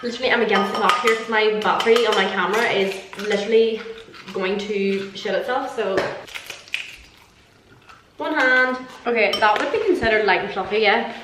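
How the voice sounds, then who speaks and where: A woman's voice: mid-range voice, moderate pace. A young Irish woman vlogging casually while she cooks at home, talking in a chatty, self-mocking way and swearing freely. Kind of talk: casual cooking vlog chat. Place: home kitchen. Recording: echoey kitchen with background noise.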